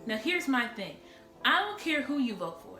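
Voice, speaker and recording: Woman vlogger, blunt impassioned rant to camera, higher voice, music bed behind. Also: very animated, normal speed, over a noisy crowd. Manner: blunt, talks straight to viewers. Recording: echoey room with background music.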